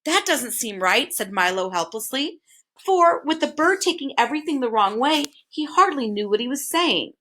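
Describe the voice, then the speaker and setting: A woman reading a children's storybook aloud in an expressive way. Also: sits high, normal speed. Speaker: reader.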